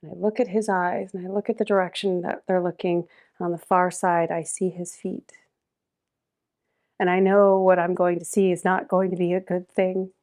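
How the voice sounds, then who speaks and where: A middle-aged woman, a podcast guest, telling a personal story with strong emotion, moving between loud urgency and hushed quiet. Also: fairly low pitch, flat delivery, moderate pace.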